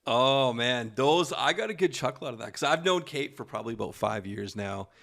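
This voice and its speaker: A man's voice: mid-range voice, animated, fairly quick, vocal fry, a bit bright. A man hosting a podcast, chatting casually and encouraging his guest. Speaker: podcast host. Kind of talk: casual interview chat.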